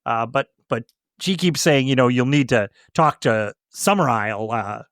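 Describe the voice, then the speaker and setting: A man's voice: mid-range voice, dry recording, clean studio sound. A man co-hosting a film podcast in casual chat, prompting his co-host with questions. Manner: lively, quizzes co-host, quick laughs.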